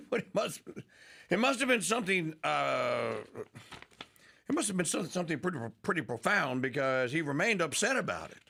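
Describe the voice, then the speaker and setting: A man's voice: a little high, sing-song, moderate pace, gravelly, bright, forceful tone. A middle-aged man hosting a radio talk show, rambling, laughing and slipping into mock voices.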